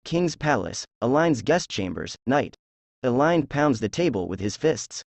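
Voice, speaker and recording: A man reading a drama transcript aloud, announcing character names and stage directions in a flat manner. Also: medium pitch, measured pace, dry recording. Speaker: script reader.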